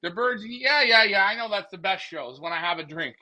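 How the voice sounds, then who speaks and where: Joking, high-voiced pigeon fancier. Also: male voice, animated, a little fast, sharp tone. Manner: joking, rambling, talks to viewers. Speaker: pigeon racing show host. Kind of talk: casual live-stream chat. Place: backyard pigeon loft, outdoors at night.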